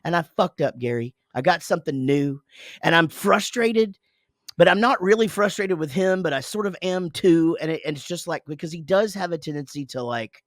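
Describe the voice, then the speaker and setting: A man's voice: fairly high pitch, lively intonation, moderate pace, no room sound, studio quality. A man in his forties, co-hosting a casual podcast, telling a rambling, profane story about his morning with lots of self-interruptions. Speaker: podcast co-host, father.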